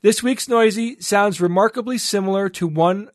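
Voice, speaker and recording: A man's voice: high-pitched, normal speed, no room sound. A man with a slightly raised voice hosts a casual podcast segment, reading listener letters aloud. His tone is playful and he breaks in with laughing asides. The sound is dry and close, with no room around it.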